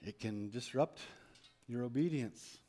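A man's voice: medium pitch, measured pace, warm tone. A man preaching a sermon, reading a Bible story aloud and asking his listeners rhetorical questions.

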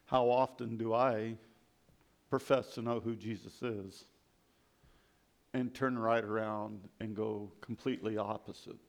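A man's voice: fairly low pitch, steady tone, measured pace, gravelly, long pauses. Man reflecting while reading scripture. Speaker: preacher.

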